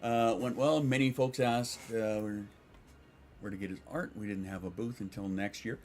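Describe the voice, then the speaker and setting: A man's voice: fairly low pitch, fairly even intonation, normal speed, darkish tone. A man streaming from home, chatting casually and rambling, swearing and reading out chat messages.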